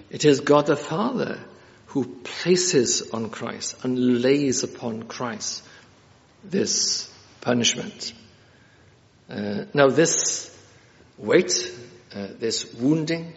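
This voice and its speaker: A man's voice: medium pitch, gravelly. A man preaching an expository sermon, earnest, repeating key phrases for emphasis, with frequent filler hesitations. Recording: dull sound with long reverb in a hall.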